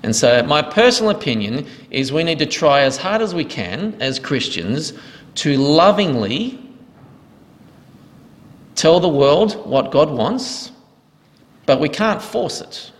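The pastor's fairly high voice turns sing-song as he takes things slowly, leaving long pauses. He earnestly explains answers during the Q&A teaching session, thanking each questioner, while the hall adds reverb.

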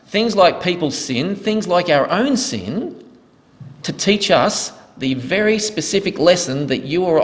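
A man leading a question-and-answer teaching session as pastor, explaining answers earnestly. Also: a little high. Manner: earnest, explanatory, thanks each asker. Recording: reverberant hall.

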